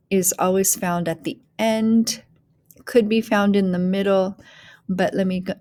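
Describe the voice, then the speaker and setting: A woman teaching a phonics lesson, blending words slowly sound by sound and often dropping to a breathy whisper on single sounds. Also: fairly low pitch, dark tone. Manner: slow, deliberate sound-by-sound blending.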